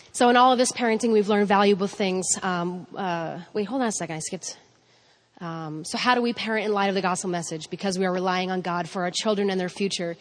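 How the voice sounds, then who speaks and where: Self-deprecating woman, low-pitched. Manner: rambling, self-deprecating, laughs often. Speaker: mother and speaker on parenting. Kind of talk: casual talk on faith and parenting.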